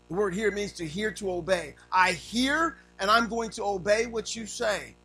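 A man preaching a sermon to fathers and families, swinging from low, quiet lines to raised cries. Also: moderate pace, few pauses, rough recording. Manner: preaching with sweeping pitch swings, rising to cries. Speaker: pastor.

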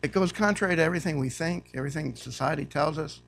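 A man preaching in church with a gravelly, slightly high voice. He reads scripture aloud and builds to loud, emphatic points. His delivery is a fervent sermon. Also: fast. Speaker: guest preacher.

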